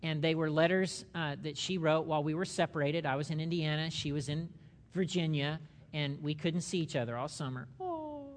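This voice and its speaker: A man's voice: on the high side, steady tone, fairly quick. A middle-aged man leading a church Bible study, talking conversationally and asking the group questions as he teaches. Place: church meeting room.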